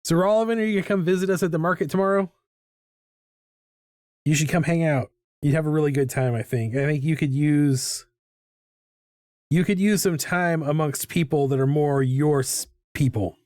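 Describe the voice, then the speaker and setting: A middle-aged man with a fairly high voice chats casually as he sketches, wandering from topic to topic and poking fun at himself. His sound is dry and close, with no room around it. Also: normal speed, long pauses, darkish tone, no echo. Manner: rambling, self-mocking and chatty. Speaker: artist hosting a live drawing stream. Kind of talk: casual chat while drawing. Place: home art studio.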